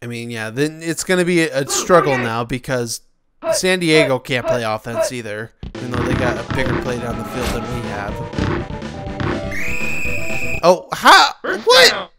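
A young man giving casual, excitable commentary while playing a video game, often exasperated and shouting at the players. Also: medium pitch, moderate pace. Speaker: let's play gamer. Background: video game music.

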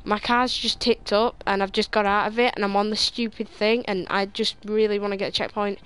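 A woman's voice: medium pitch, flat delivery, fairly quick, a bit bright, clear, resonant tone. A young woman commenting on online races while chatting with friends, easily frustrated and repeating words under pressure. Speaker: gamer playing online races. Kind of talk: live gameplay commentary with voice chat.

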